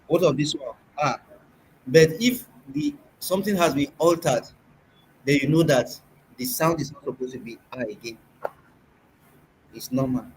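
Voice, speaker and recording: Teaching a language workshop, a Nigerian-accented man with a mid-range voice patiently quizzes his class and sounds out words for them. A faint room hum runs underneath, and the recording quality is low.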